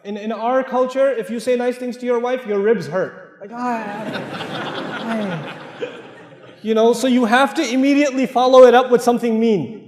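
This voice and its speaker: Man, American accent, preacher, high voice, joking and direct, long hall reverb. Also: fairly even intonation, fairly quick, a little mellow. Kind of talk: humorous sermon.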